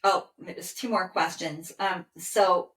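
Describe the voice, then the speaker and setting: A woman working as an animal communicator, calmly relaying a dog's messages in first person and pausing often with "okay". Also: on the low side. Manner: calm, soothing, with frequent "okay" pauses. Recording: roomy echo.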